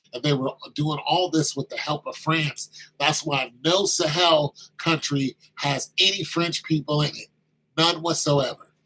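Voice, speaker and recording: A man's voice: a little high, sharp tone, husky, rough recording. A man talking casually and with animation, acting out quoted exchanges as he tells the story. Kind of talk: casual talk.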